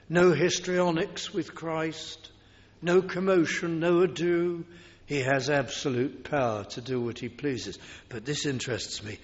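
A man preaching a sermon in a deliberate, emphatic way, now and then acting out the voices of people in the story. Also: fairly high pitch. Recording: dull recording in a large reverberant hall.

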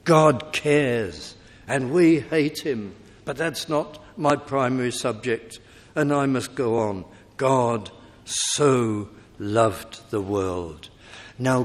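A man preaching a sermon slowly and emphatically, his voice climbing on appeals and questions. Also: medium pitch. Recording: long hall reverb.

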